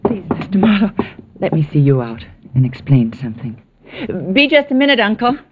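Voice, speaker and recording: An actress playing a spirited, earnest young niece in an old radio drama. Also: female voice, medium pitch, big pitch swings, a little fast, background noise, close to an everyday voice. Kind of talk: 1940s radio acting. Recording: dull, dry old radio broadcast.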